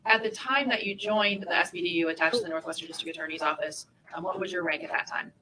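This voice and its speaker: Rapid, bright-voiced woman prosecutor. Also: on the low side, a little hiss or hum, poor audio. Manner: brisk, methodical questioning. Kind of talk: courtroom direct examination. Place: courtroom.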